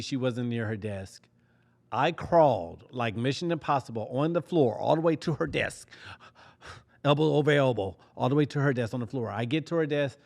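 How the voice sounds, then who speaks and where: A man hosting a podcast, telling a comedic story with lively acted-out quotes and frequent laughs. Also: mid-range voice, creaky. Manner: animated, laughs often, acts out quotes. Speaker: podcast host.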